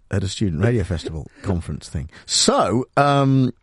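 A man's voice: on the low side, sing-song, unhurried, slightly rough, no room sound, studio quality. A man hosting a talk radio show, teasing and joking with his producer in casual banter. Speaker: radio host.

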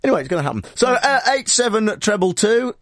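A man's voice: high voice, sing-song, fast talker, a bit bright, dry recording, studio quality. A man hosting a talk radio show, teasing and joking with his producer in casual banter. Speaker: radio host.

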